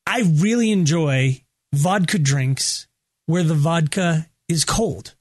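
A male radio co-host with a high voice tells a rambling story in casual banter, animated and laughing often. He slips into little impressions of other people as he goes. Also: slow. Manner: animated, laughing, does voices in his stories.

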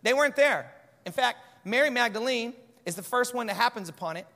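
A man delivers a sermon in a casual, animated way, joking with the congregation between points. His voice sits very high and sounds bright. The large church hall adds a long reverb. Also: a little fast. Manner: animated, conversational preaching with humor. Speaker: pastor.

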